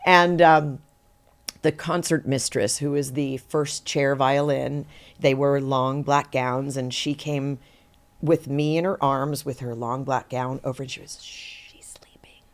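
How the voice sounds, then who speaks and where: A middle-aged woman, an actor guest on a podcast, telling stories in a lively, conversational way and acting out the quotes in them. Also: rumbling low, slow. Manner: animated, acts out quotes in her story, laughs easily. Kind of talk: conversational interview storytelling.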